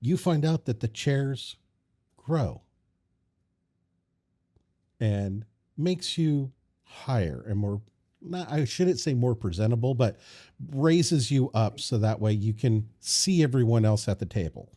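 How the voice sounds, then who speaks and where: Slow, lively-voiced male game master. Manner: slow, playful narration with lively pitch. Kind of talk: narrating a tabletop game.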